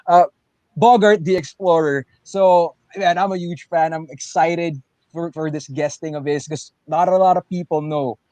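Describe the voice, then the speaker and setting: Excitable man chatting on a video call. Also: on the high side, normal speed, dry recording. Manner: excitable, animated, jumps between loud and soft. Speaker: pro wrestler and co-host. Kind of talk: casual livestream chat.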